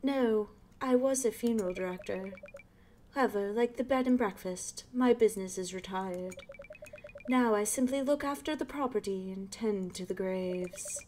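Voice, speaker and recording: A woman's voice: mid-range voice, normal speed, darkish tone, slight background noise, lightly acted. A woman voicing a stern, formal older woman with a posh British accent who looks after a graveyard. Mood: prim. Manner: formal, clipped and curt.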